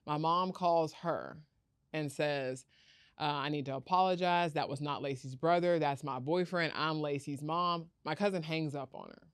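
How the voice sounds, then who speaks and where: With a smooth, low voice at a moderate pace, this startup founder is heard in studio quality with no room sound. The young woman animatedly recounts her story in an interview, performing the quoted voices of others.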